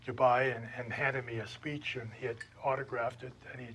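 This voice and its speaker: An older man spinning stories in a relaxed table chat, pitch sitting right in the middle of the range. He's animated, slipping into the voices of the people in his anecdotes. A faint hum of noise sits behind him. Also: brisk. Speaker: retired pro wrestler telling stories. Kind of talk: casual storytelling at a table chat.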